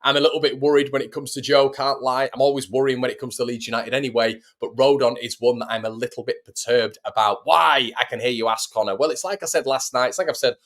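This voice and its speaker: A man's voice: medium pitch, fairly even intonation, quick pace, hardly any pauses. A young man, casually hosting a live stream from home, chatting and answering viewer messages. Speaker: host of a fan channel.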